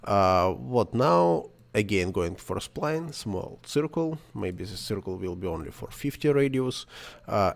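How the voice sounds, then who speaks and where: Man giving a halting non-native tutorial. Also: lowish voice, lively intonation, vocal fry. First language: not English. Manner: halting non-native English, thinking aloud, self-correcting. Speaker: 3D software tutorial maker. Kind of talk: screen-recorded software tutorial.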